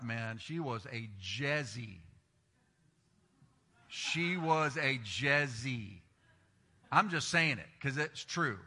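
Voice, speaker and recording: A middle-aged pastor preaches a sermon, telling stories animatedly and acting out the voices of those he quotes. His voice is fairly high, pushed, and bright, and a large hall's long reverb fills the recording.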